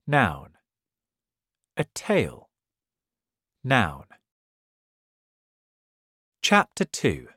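Slow, deep-voiced woman reading aloud. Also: dry recording, clean studio sound. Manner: slow, clear, deliberate. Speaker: reader. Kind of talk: slow read-aloud English lesson story.

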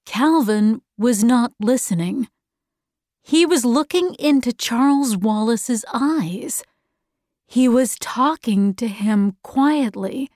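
A woman narrating a story in a clear, careful, evenly paced reading. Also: a little high, slow pace, a little mellow, no echo, studio quality. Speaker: audiobook narrator. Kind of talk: slow, clear scripted narration for learners.

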